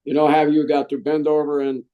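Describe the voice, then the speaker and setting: A man from the United States tells old service stories in a casual sit-down interview. His voice sits a touch higher than most men's, and he talks in a loose, animated way, tossing in "man" and circling back on his sentences. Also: moderate pace, highs cut off. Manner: trails off and restarts often. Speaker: Marine veteran telling his story.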